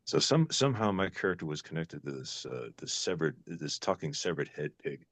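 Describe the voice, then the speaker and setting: A man's voice: extremely low pitch, sing-song, a little fast, fairly bright tone, dry recording. An older man, an actor guest, musing in a casual interview, rambling with many fillers and restarts.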